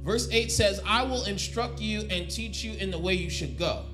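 A man's voice: high voice, moderate pace, soft background music. A male pastor preaching a sermon. He repeats and restarts phrases and calls on the congregation to answer back. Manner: swings from soft to loud exhortation.

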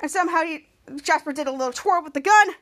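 This woman, a podcast host with a very high, slightly bright voice, retells a TV episode scene after scene in a casual, wandering way. She keeps restarting and briefly voices the characters as she quotes them.

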